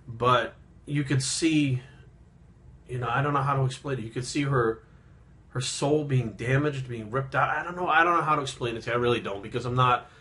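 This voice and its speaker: A man in his thirties, a fitness vlogger, telling a personal story in a rambling, halting way, subdued and reflective, with frequent swearing. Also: mid-range voice, bright, forceful tone.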